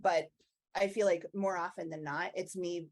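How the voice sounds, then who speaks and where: A woman's voice: on the low side, fairly even intonation, moderate pace. A woman co-hosting a podcast, speaking in an open, reflective and chatty way in casual conversation. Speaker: podcast co-host, agile coach. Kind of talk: casual chat.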